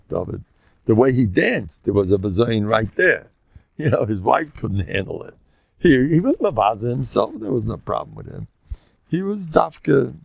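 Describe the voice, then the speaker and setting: Gravelly older man giving a lively lecture. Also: dry recording. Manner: animated, jumps into high-pitched mock dialogue. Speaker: rabbi. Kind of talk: Torah lecture.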